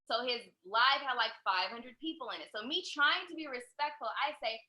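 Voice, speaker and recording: A woman's voice: on the high side, animated, a little fast, hardly any pauses, bright, forceful tone. A woman co-hosting a podcast, talking in an emphatic, teasing way in casual chat. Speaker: podcast co-host.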